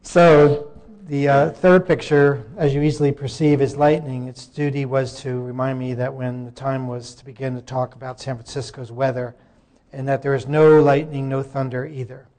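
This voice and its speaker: Halting male conference presenter. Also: medium pitch, little pitch movement, a little mellow. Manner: halting, breaks off mid-sentence to fix tech. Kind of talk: live presentation.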